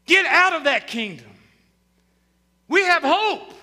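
A man preaching a sermon as pastor, rising into loud shouted bursts. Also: extremely high pitch, expressive, takes it slowly. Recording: long hall reverb.

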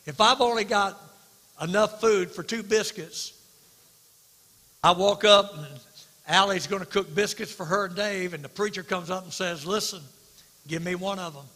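High bright preaching man in a hall. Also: normal speed. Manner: swings from hushed to loud emphatic preaching. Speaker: pastor. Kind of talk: sermon. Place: church sanctuary.

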